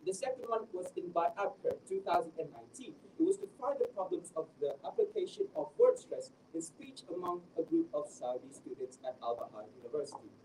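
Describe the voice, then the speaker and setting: Young man presenting research, lively. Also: fairly high pitch, brisk, few pauses. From Malaysia. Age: young adult. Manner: animated, with frequent restarts. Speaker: teacher trainee presenting research. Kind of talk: academic presentation. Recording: distant mic with faint background noise.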